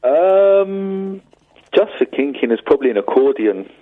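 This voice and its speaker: A man with a husky voice calling in to a radio show, chatting in a playful, teasing way. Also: fairly high pitch, sing-song, a little slow. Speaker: caller. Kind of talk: casual radio chat. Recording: dull phone-in line.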